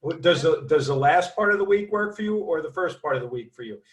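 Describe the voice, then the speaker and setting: A man on a panel, speaking loudly and emphatically to push his point. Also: on the high side, animated, quick pace. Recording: echoey, from far off the mic.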